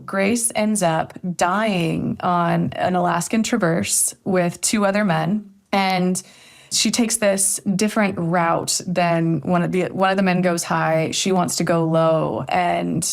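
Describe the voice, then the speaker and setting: Gravelly low-voiced woman author. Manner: reflective, storytelling, hedges with "I think". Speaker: author guest. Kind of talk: podcast interview conversation.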